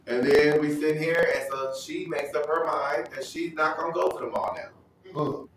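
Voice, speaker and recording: A man sharing a personal testimony at a Bible study, telling his story in an animated way and acting out other people's voices. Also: a little high, moderate pace, heavy reverb, distant mic, noisy background. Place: church hall.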